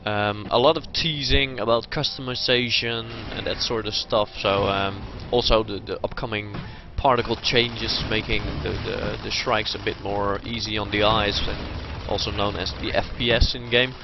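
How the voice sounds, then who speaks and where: A man hosting an esports cast and wrapping it up in a relaxed way, pausing with many fillers. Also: lowish voice, muffled recording, music in the background. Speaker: esports caster hosting the broadcast. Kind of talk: closing remarks of a game cast.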